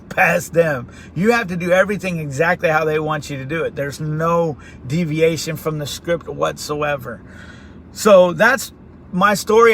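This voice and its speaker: A middle-aged man hosting a vlog from his car, telling a story in a casual, animated way. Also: a little high, a little hiss or hum. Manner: animated, acts out quoted voices. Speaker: vlog host. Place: inside a car.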